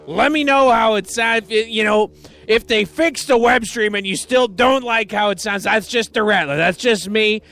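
A high-pitched man with a gravelly, bright voice talks through a rambling college radio DJ set, back-announcing songs with loose, jokey asides. He's in a radio studio, with faint music under his talk. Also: normal speed. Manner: rambling, jokey, self-deprecating.

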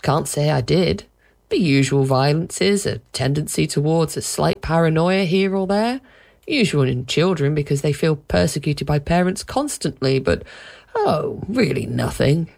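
Calm dry male psychologist, read by a woman, low, gravelly, lively pitch. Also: measured pace, full character voice.

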